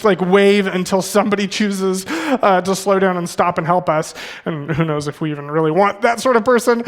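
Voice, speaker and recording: A young male pastor with a notably high voice preaches in a church. He tells his story conversationally, full of fillers and quick self-corrections. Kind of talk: sermon with personal storytelling.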